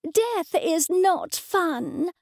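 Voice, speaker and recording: A woman's voice: expressive, drawn-out words, darkish tone, dry recording, clean studio sound, exaggerated voice. A woman voicing a prim, pious older mother who scolds and takes offence. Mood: indignant. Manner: shrill, scolding and indignant.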